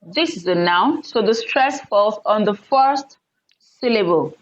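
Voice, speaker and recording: Slow patient lady teacher doing an english stress lesson, kinda muffled lo-fi audio. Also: expressive. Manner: slow, patient, repeats example words loudly and high.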